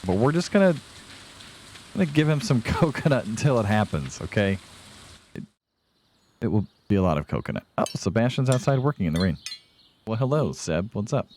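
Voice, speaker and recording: A man's voice: on the low side, big pitch swings, brisk, long pauses, darkish tone, slight background noise. A young man casually commenting on his farming game to viewers, chatty and self-deprecating, a bit tired and yawning. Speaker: let's play host.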